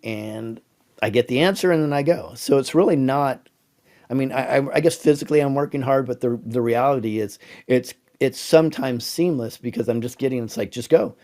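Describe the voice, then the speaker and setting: An animated male host answering viewer questions on a livestream. He tells stories with lively energy and stumbles over his words when moved. His pitch sits in an ordinary middle range. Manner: animated storyteller, halting and emotional when moved. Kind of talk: casual livestream Q&A.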